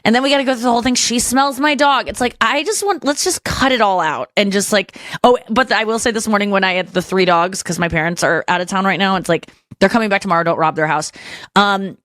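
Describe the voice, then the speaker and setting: A woman hosting a podcast in casual chat, talking frankly and rambling through quick asides. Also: medium pitch, fairly bright tone, no room sound. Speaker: podcast host.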